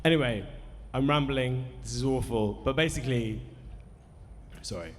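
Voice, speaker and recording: A man's voice: mid-range voice, moderate pace, a little hiss or hum. Nervous rambling man in a reverberant cinema. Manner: rambling, self-deprecating, sweary storytelling. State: nervous, dry mouth. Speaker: musician introducing a film screening. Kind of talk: live speech to a cinema audience. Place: cinema hall at a festival. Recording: live hall reverb, faint crowd ambience.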